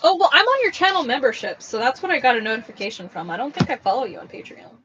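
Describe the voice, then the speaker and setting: A woman's voice: high-pitched, very animated, fast, fairly bright tone, muffled recording, slight background noise. A young woman hosting a craft livestream, chatting casually and rambling with lots of fillers as she reads comments. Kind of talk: casual chat reading live comments.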